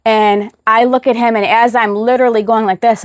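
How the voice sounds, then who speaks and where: A woman telling a personal story as a guest, animated, acting out the voices of the people in it. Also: a little high, brisk, few pauses, dry recording, studio quality. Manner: animated retelling, acts out quoted voices.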